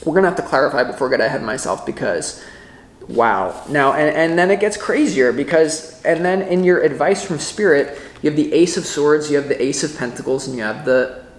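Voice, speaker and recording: Excitable man giving a rambling tarot reading. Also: fairly high pitch, reverberant. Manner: rambling, excitable, self-interrupting. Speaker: tarot reader. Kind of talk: casual tarot reading to camera.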